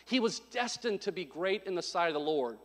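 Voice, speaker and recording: A male pastor preaching a sermon, telling a story with loud bursts and sudden drops to quiet. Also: high voice, expressive, fairly quick. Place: church sanctuary. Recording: long hall reverb.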